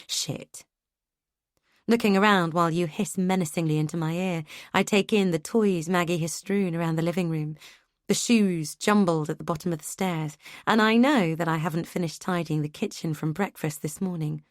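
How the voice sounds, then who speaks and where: A woman reads an audiobook in scripted narration, measured and even. Her voice sits on the low side. The recording is dry and close, with no room sound. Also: no room sound.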